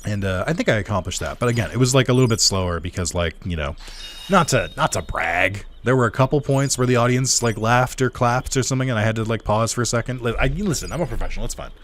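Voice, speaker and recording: A man's voice: medium pitch, lively intonation, quick pace, a bit bright, slight background noise. A man hosting a let's play, chatting casually and rambling with self-deprecating asides while he plays. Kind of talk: casual gameplay commentary.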